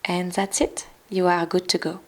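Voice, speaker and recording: A woman with a French accent, a native French speaker, narrating a makeup tutorial in a soft, careful way, with small restarts and slips in English. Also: fairly low pitch, level tone, normal speed. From France. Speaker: beauty vlogger.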